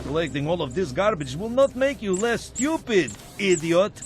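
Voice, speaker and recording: A man's voice: sits high, lively intonation, normal speed, music in the background. A man voicing a blunt, contemptuous male bear with a Russian accent in a video game. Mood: scornful. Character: gruff insulting male bear.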